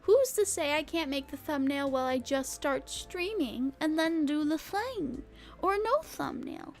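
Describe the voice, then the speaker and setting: A woman's voice: high voice, lively intonation, a little slow, soft background music. A woman VTuber chatting casually with her stream chat in a playful, giggly way, slipping into sing-song bits now and then. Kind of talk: casual live-stream chat reading comments.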